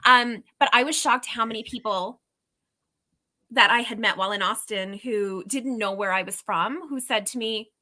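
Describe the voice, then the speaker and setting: A woman's voice: a little high, normal speed, sharp tone. A Canadian woman with a Canadian accent co-hosting a casual livestream chat, chatty and laughing often. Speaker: co-host.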